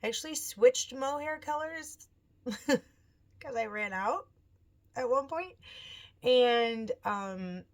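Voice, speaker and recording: A woman in her thirties hosting a knitting video podcast, telling stories in a chatty, animated way and acting out the people she quotes. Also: on the high side, takes it slowly, pauses often. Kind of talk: casual chat.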